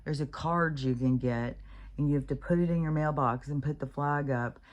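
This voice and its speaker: A middle-aged American woman vlogs from home with her dog close by, rambling casually through a monologue packed with fillers and restarts. Her voice is low and her pace moderate, and the recording sounds muffled.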